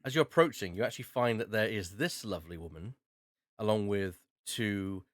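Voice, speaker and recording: A man's voice: fairly low pitch, moderate pace, dry recording, clean studio sound. Rambling man running a tabletop game. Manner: rambling, with many fillers and restarts. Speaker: game master.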